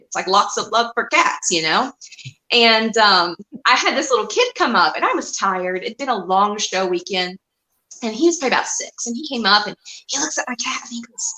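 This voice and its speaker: A bright, higher-pitched woman telling stories with a lot of swing in her voice. She laughs easily and throws herself into the voices of the people she describes. Her voice comes through with a noticeable roomy echo. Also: brisk. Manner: animated storyteller who acts out voices and laughs often. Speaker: guest, cat and reptile breeder. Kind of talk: casual podcast chat.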